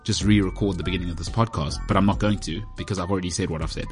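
Low-pitched and very fast, with fairly even intonation, this podcast host's voice plays over soft background music. Chatting on his own in a heated indoor room, he rambles, jokes and pokes fun at himself in a casual solo show.

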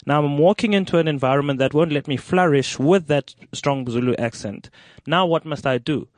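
A man in a panel discussion, questioning and halting, restarting his sentences. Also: a little high, dry recording. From South Africa.

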